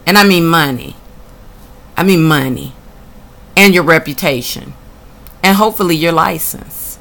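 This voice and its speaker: A woman's voice: low voice, unhurried, vocal fry, long pauses, fairly bright tone. A woman reading out documents from her own case and answering them bluntly and indignantly. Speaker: tenant telling her own housing case. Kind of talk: reading documents aloud and reacting.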